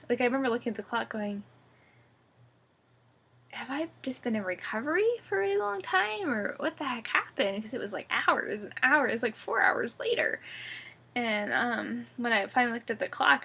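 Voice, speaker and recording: A young woman talks into her camera from bed in a casual video diary, sounding groggy and drowsy. Her voice is gravelly and husky, and she rambles along in a soft, chatty, giggly way. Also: mid-range voice. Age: young adult. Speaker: vlogger. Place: at home, sitting up in bed.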